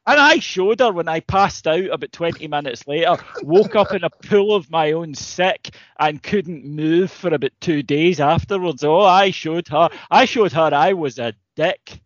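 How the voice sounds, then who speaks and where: A man's voice: on the high side, normal speed, few pauses, dry recording, dull audio. A man, co-hosting a podcast, telling stories and ranting in casual, sweary chat. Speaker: podcast co-host.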